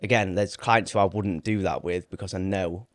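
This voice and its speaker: A man's voice: low voice, fairly even intonation, normal speed, no room sound. A man co-hosting a casual podcast as a fitness coach, talking in a blunt, sweary, emphatic way.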